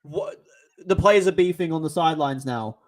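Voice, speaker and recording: A young man streaming a live football watch-along, excitable, often stammering and repeating himself. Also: fairly high pitch, moderate pace. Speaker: football fan livestreamer.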